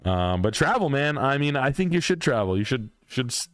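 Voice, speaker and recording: A man's voice: mid-range voice, sing-song, brisk, fairly bright tone, smooth, no room sound. A man hosting a livestream, ranting bluntly and profanely in a casual, emphatic way. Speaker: livestream host.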